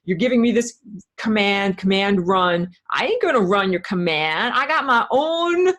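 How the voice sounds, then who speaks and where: A woman's voice: mid-range voice, expressive, unhurried, a bit bright. A woman voicing a defiant, streetwise computer with a put-on tough-guy accent, blunt and mocking.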